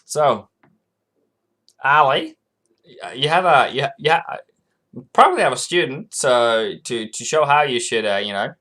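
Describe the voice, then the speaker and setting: A man's voice: mid-range voice, expressive, normal speed, pushed and bright. Chatty man hosting a trading livestream. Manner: chatty, answers viewers by name, laughs often. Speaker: forex trading livestream host. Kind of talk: casual live-stream chat.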